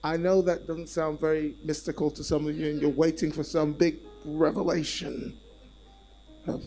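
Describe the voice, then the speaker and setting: Animated man preaching a sermon. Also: fairly high pitch, normal speed, soft background music, rough recording. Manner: animated, repetitive, calls on the congregation.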